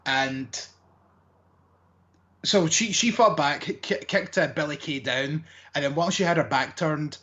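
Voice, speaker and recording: A man's voice: fairly high pitch, measured pace, bright, forceful tone, dull audio. A man co-hosting a wrestling podcast, recapping matches in a casual, rambling way with lots of fillers. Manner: rambling, hesitant with many fillers.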